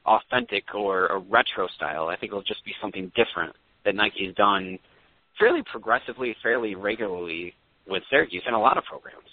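A man's voice: lowish voice, lively intonation, fairly quick, no room sound. A man co-hosting a casual sports talk show, sharing hedging opinions. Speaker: podcast co-host. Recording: dry, tinny phone-like sound.

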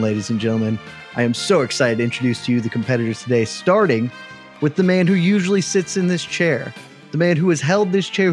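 A man hosting a sports panel show, introducing guests in a playful, excited announcer style. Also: a little high. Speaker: host.

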